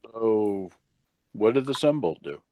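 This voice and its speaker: A man with a low voice plays in a tabletop game, describing his character's actions in a calm, decisive way. His voice sits dry and close to the mic. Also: takes it slowly, no room sound. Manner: calm, matter-of-fact, decisive. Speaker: player.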